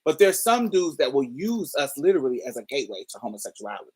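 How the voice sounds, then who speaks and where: A woman's voice: extremely low pitch, big pitch swings, fast talker, a little mellow, breathy edge. A woman telling a personal story in a candid, casual way, swearing freely and laughing often. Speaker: storyteller host.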